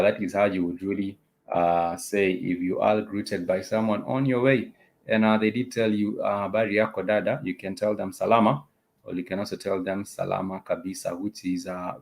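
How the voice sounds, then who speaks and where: A man teaching a casual spoken language lesson, repeating each word and phrase several times with frequent pauses. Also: on the low side, gravelly, a little mellow. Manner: repeats words and phrases slowly, many "uh" pauses.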